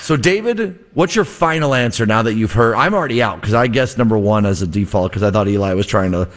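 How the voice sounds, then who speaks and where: A man's voice: lowish voice, animated. A man hosting a radio show as a fill-in, joking and bantering casually with his co-hosts. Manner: playful, joking, quick to laugh. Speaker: radio show host filling in.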